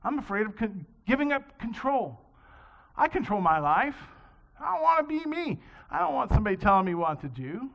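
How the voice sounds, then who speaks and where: A man's voice: very high-pitched, sing-song, normal speed, creaky, a bit bright. A man preaching a sermon in a conversational, storytelling way, in a dull lo-fi recording. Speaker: pastor. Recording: dull lo-fi sound.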